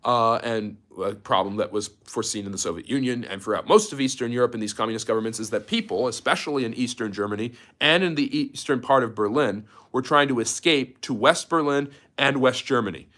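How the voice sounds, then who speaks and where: Here a male history teacher talks fairly quickly with few pauses, his medium-pitched voice fairly bright. His livestreamed lecture is loose and unscripted, packed with fillers and restarts, broken up now and then by replies to viewers' chat.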